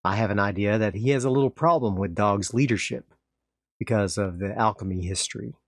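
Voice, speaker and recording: A man's voice: on the low side, brisk, dry recording, clean studio sound. A man playing a solo tabletop game, calling out his dice rolls step by step and narrating the story. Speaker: game master and solo player.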